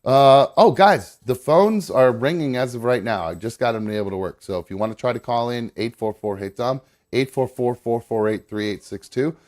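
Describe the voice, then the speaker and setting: A man's voice: medium pitch, normal speed, hardly any pauses, darkish tone. A man hosting a live call-in stream, chatting casually with frequent swearing and restarts. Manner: rambling, swears freely, restarts sentences. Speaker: host of a live call-in show.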